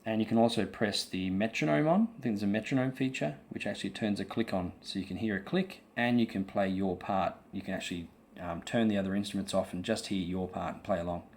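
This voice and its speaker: A man's voice: lowish voice, quick pace, darkish tone, slight background noise. A man teaching guitar rhythm in an online lesson, explaining patiently with frequent ums and counting the beats aloud.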